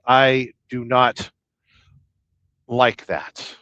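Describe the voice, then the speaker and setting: A man's voice: medium pitch, lively intonation, drawn-out words, pauses often, fairly bright tone, dry recording. A man hosting a casual live stream as a truck driver, joking and rambling as he reads viewers' comments aloud from his truck. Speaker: livestream host, truck driver. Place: truck, waiting to unload.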